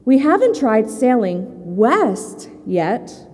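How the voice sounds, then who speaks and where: Lady reading as a polite hopeful hedgehog girl, squeaky and bouncy, kind of roomy sound. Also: big pitch swings, darkish tone, full character voice. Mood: determined. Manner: eager, slow and sweetly emphatic.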